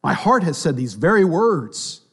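A man delivering a sermon in a somewhat high voice. He drops to hushed, almost whispered lines, then builds to loud, emphatic passages. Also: sing-song, a little slow, husky. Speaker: preacher.

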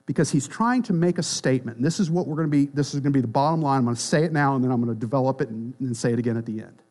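A pastor preaching a sermon in a church, emphatic, swinging between loud declarations and quiet, dropped phrases. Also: male voice, racing. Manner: emphatic, rises and drops sharply in pitch and volume.

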